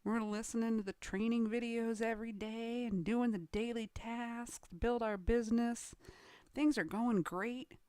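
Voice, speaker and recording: A woman's voice: a little high, fairly even intonation, measured pace, a little mellow, clear, resonant tone, no room sound, studio quality. A woman coaching on online business in a dramatic motivational talk. She acts out quoted voices and drops into whispers for emphasis.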